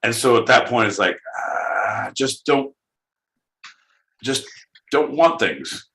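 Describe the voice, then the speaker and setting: A man's voice: medium pitch, slow pace, slight background noise. A man co-hosting a podcast in casual chat, joking and swearing freely over a video call. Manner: profane, joking, excitable. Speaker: podcast co-host. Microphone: headphones with mic.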